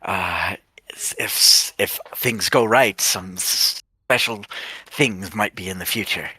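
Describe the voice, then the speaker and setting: A man voicing a genteel older male party host who stutters and trails off softly. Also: fairly low pitch, slow, slightly rough, exaggerated voice. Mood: stammering courtly.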